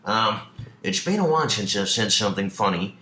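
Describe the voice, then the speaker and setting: A man's voice: lowish voice, animated, a little fast, sharp tone. A man voicing a rambling older male late-night talk show host who tells a story with many hesitations. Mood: deadpan. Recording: echoey room.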